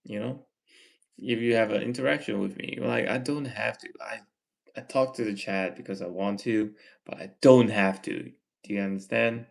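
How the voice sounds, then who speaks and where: A man with a Malaysian English accent, reading chat messages aloud on his livestream and answering them in a gently lecturing way. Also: fairly low pitch, moderate pace, vocal fry. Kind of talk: casual live chat Q&A.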